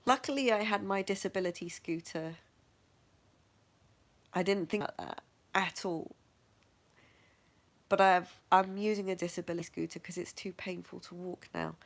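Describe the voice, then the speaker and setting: A woman's voice: fairly low pitch, moderate pace, vocal fry, long pauses. A middle-aged woman candidly telling her own medical story, frank and matter-of-fact, often laughing at herself. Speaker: vlogger sharing her health journey.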